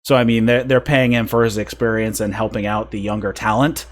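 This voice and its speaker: A man's voice: lowish voice, fairly even intonation, a little fast. A man hosting a podcast, casually recapping wrestling events at length and chuckling at the funny bits. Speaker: podcast host. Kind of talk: casual wrestling review chat.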